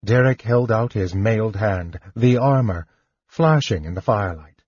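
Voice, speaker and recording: Low, husky male narrator, steady reading, close and muffled recording. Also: moderate pace, no room sound. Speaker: audiobook narrator. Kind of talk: scripted narration.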